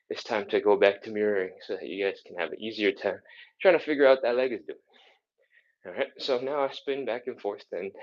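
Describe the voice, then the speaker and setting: A fitness instructor leads a live follow-along stretching session, counting reps aloud while exercising and getting out of breath. He's casual and encouraging, sighing between moves, and his lowish voice has the highs cut off.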